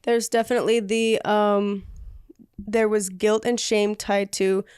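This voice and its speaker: A woman's voice: mid-range voice, level tone, a little slow, darkish tone, smooth, no room sound, clean studio sound. A woman guest in an interview, speaking in a reflective, hesitant way with many fillers. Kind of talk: conversational interview.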